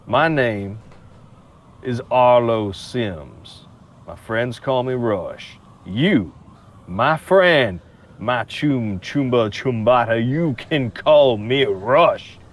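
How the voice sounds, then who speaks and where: A man playing a charming male smooth operator who schmoozes and draws out his words. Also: lowish voice, darkish tone, lightly acted. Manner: schmoozing, drawn-out, showy.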